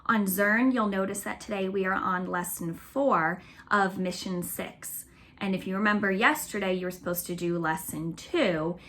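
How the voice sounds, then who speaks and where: Bright-voiced cheerful woman teaching young kids. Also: mid-range voice, normal speed. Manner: cheerful, patient, stretches out words and claps syllables. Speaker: elementary school teacher. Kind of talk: recorded remote class lesson.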